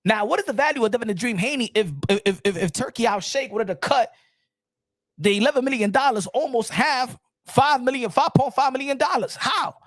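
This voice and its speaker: A man giving casual boxing commentary, animated, repeating himself and firing off rhetorical questions. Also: extremely high pitch, fairly quick, no echo. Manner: animated and repetitive, many restarts and rhetorical questions.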